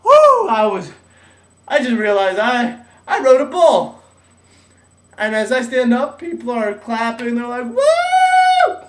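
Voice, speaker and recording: A man's voice: very high-pitched, measured pace. A young man telling a personal story in a casual way, acting out what others said in their voices. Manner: animated, acts out voices of others. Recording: echoey room, mic at a distance.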